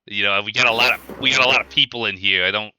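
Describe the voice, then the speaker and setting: A man's voice: on the low side, fast talker, bright, forceful tone, slight background noise, poor audio. A man voicing a small, menacing male goblin barkeep who blusters and threatens. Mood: grumpy.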